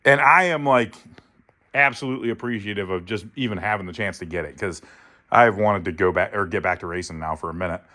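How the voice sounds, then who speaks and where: A man's voice: low voice, fairly quick, pushed and bright. A man from Ohio hosting a car vlog, chatting casually and joking, laughing often and swearing freely. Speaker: channel host, car builder. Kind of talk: casual chat to camera. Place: outdoor car lot.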